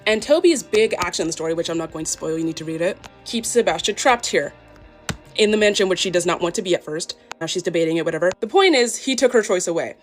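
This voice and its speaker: A young woman with a lowish voice ranting into her phone camera in a casual vlog. She is exasperated and emphatic and keeps hammering home the same point. The talk is loose and unscripted. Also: expressive, quick pace, soft background music. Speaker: fan fiction writer. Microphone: phone selfie.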